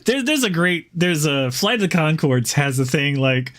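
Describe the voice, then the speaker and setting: A man's voice: a little high, very animated, moderate pace, a bit bright. Rambling man chatting on a game stream. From Southern United States. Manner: rambling, chuckles often, many fillers. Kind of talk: casual gaming stream chat.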